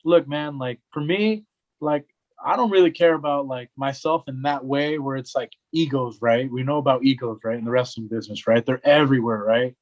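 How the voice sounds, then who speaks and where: A young wrestling commentator tells a story during a casual podcast chat, his medium-pitched voice running a little fast through a muffled recording. He's animated, acting out the voices of the people involved and saying "right?" and "man" a lot.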